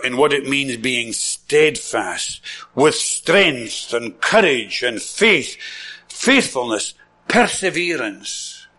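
A man's voice: fairly high pitch, bright, forceful tone. A man with a Scottish accent preaching a sermon, enthusiastic, repeating words for emphasis and chuckling often.

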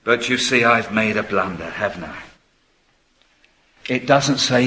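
An older man preaching a sermon, moving between quiet, confiding asides and ringing, emphatic proclamation. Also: on the low side, animated, measured pace, pauses often, slight background noise. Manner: swings from soft confiding asides to emphatic declamation. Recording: long hall reverb.

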